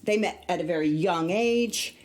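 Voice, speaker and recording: A woman theatre director on a podcast, explaining a play in an expressive, measured way. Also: on the low side. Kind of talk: casual podcast chat.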